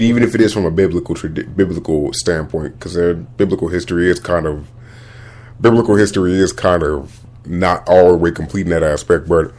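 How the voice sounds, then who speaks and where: A man's voice: sits low, darkish tone. A man hosting a podcast, giving casual, rambling movie commentary full of restarts and slang. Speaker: podcast host.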